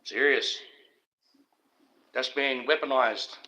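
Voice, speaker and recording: A middle-aged Australian livestreamer takes it slowly, his mid-range voice sharp in tone on a low-quality recording. He speaks directly to his viewers, rambling with a sense of grievance and conspiracy.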